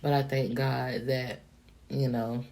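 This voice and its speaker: A woman from the Miami-Dade area telling a personal story straight to camera, candid and profane, in an animated, chatty way. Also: a bass voice, slow. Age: adult, past her younger days. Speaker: vlogger. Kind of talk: casual storytime monologue.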